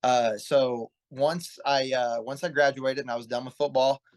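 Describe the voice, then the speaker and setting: A pro wrestler in his twenties, appearing as a guest in a casual interview, tells his story earnestly and ramblingly, often correcting himself. His voice is mid-range, with a steady tone and a moderate pace.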